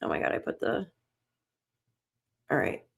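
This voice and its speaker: A woman hosting a live stream on a missing child case, anxious and shaky, talking to herself as she searches for news. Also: a little slow. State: shaken, on edge. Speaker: livestream host covering a missing child case.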